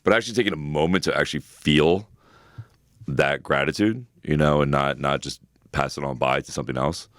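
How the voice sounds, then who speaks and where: Very deep-voiced man, casual and animated. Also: a little fast, dry recording, clean studio sound. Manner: animated, swears freely, many "you know" fillers. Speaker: co-host. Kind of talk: casual podcast chat.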